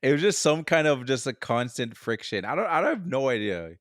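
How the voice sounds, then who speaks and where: A man's voice: medium pitch, very animated, a little fast, no room sound, studio quality. A young man co-hosting a podcast, chatting about a film in a rambling way, laughing often and trailing off. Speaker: podcast co-host. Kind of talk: casual film discussion.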